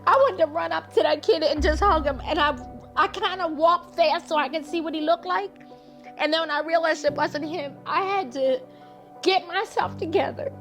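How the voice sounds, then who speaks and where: A woman with a very high voice speaks in a documentary interview. She is a bereaved mother, and her speech is emotional and faltering. Soft music plays quietly underneath her voice. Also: moderate pace. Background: faint music.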